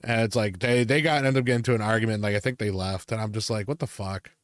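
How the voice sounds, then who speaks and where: A man's voice: lowish voice, fairly even intonation, very fast, no echo, studio quality. A young adult man in casual chat, telling rambling stories full of swearing and filler words. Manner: ranting storyteller, heavy swearing and fillers. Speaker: podcast co-host.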